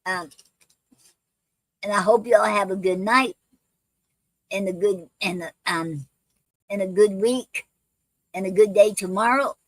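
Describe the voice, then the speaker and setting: A woman's voice: medium pitch, measured pace, long pauses, no echo, low-quality recording. A woman hosting a poetry livestream, chatting casually with many ums and restarts and calling her viewers family. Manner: affectionate toward viewers, calls them fam.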